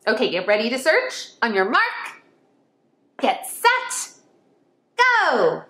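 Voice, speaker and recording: A woman teaching young children an online lesson, her voice high and swooping with lively exclamations. She talks slowly and warmly to them as friends, recorded in an echoey room. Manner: animated, exclaiming, sing-song, speaks to children as friends. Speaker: kindergarten teacher.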